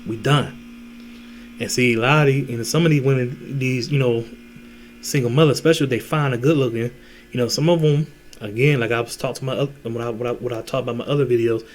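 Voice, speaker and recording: A man's voice: medium pitch, fairly even intonation, brisk, a little hiss or hum. A man giving dating advice in a casual, blunt monologue, full of slang, cursing and restarts. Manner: blunt, heavy slang and cursing, repeats himself.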